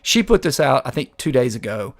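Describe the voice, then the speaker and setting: A man's voice: medium pitch, big pitch swings, fairly quick, gravelly. A man hosting a political commentary show, talking in a sarcastic, combative way. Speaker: host.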